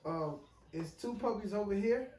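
A man with a slightly high voice runs his dog-breeding vlog, talking loosely and repeating "y'all" and "man" to his viewers. He sounds overwhelmed and frustrated, and his voice drops low when he gets upset. A faint hiss of noise sits under the recording. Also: expressive, moderate pace, darkish tone. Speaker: dog breeder and channel host. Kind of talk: casual vlog talk to viewers.

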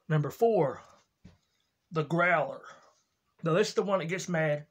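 Man slowly introducing comedy skits. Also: a little high. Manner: slow, unpolished explaining with restarts. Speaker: comedy video creator. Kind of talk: casual skit narration.

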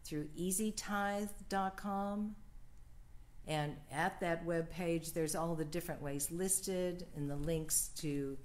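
A woman minister leading a church livestream offering and prayer in a slow, gentle, prayerful cadence. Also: lowish voice, steady tone.

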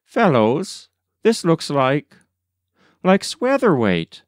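Awkward, polite young college man, halting and raised in pitch as a male narrator puts him on. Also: wildly swooping pitch, no echo, studio quality, full character voice. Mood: embarrassed. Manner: hesitant, halting.

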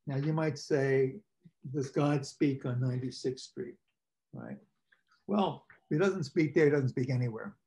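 A man, a priest, leading a parish workshop with slides, talking informally with asides and questions to his listeners and clearing his throat now and then. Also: medium pitch, a little mellow. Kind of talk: conversational teaching talk with slides. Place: parish meeting presenting slides.

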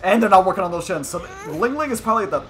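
A young man giving live commentary on his own gameplay, excitable and swearing often, yelling at players and then muttering tactics. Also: high-pitched, very fast. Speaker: gaming YouTuber.

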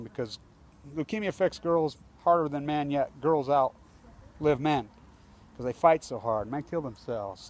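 A man filming himself outdoors on a phone, angrily ranting with heavy profanity and a lot of repetition. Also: a little high. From United States. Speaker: protester. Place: outdoors by a building entrance.

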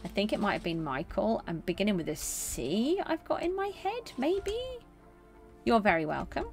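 A middle-aged woman streaming a game, chatting casually with viewers and answering them in a gentle, consoling way. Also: mid-range voice, very animated, moderate pace, faint music behind. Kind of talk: casual live-stream chat.

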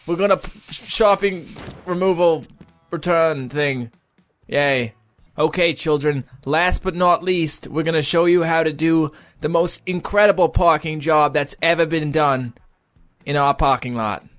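Mock lesson host, patronizing and teacherly, vague put-on accent, as a gamer plays it up. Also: male voice, fairly high pitch, lively intonation, takes it slowly, faint music behind. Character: mock male driving instructor, patronizing.

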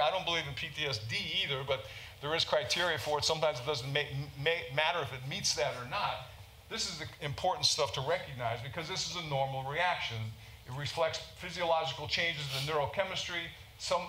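A man's voice: a little high, sharp tone, slight background noise. A man from the United States, a physician, giving an informal conference lecture and often checking in with "okay?". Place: large conference hall. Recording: roomy hall with faint ambience.

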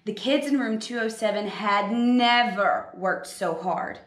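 A woman's voice: mid-range voice, a little slow, a bit bright. A woman third grade teacher reading a story and then giving an upbeat video lesson to children. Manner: upbeat, explaining with hand gestures. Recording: roomy echo.

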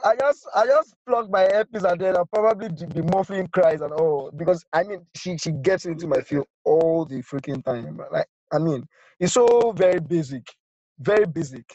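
A man's voice: fairly high pitch, moderate pace, a little mellow, dry recording, highs cut off. A man poet chatting playfully on a call, stammering and repeating himself. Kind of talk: casual chat.

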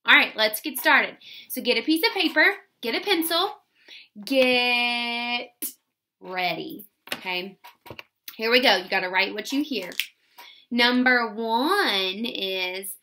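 A woman teaching a phonics lesson to first graders, sounding words out slowly. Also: a little high, pushed and bright. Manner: slow, exaggerated sounding-out of words. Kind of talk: phonics lesson for young children.

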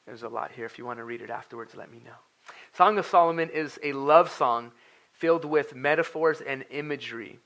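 A man's voice: medium pitch, brisk, a bit bright. A young adult man delivering a sermon as a pastor, in an earnest, conversational way, with many fillers and restarts. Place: church sanctuary.

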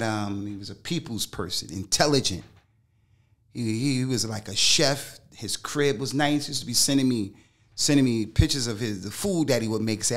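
A middle-aged man, a religious scholar, speaking as a podcast guest. His voice sits at an ordinary pitch for a man. He tells a personal story in loose, slangy speech and restates lines for emphasis. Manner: emphatic and slangy, repeats phrases for weight. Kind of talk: interview storytelling.

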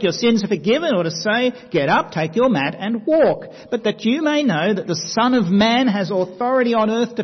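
A man preaching a sermon, telling the story dramatically and dropping to quiet emphasis. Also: high-pitched, husky. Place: church hall. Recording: dull sound with long hall reverb.

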